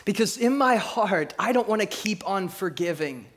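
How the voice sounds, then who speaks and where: A man preaching a sermon, telling stories and swinging between hushed reflection and lively, laughing delivery. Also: high-pitched, normal speed. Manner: laughs at his own stories. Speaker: pastor.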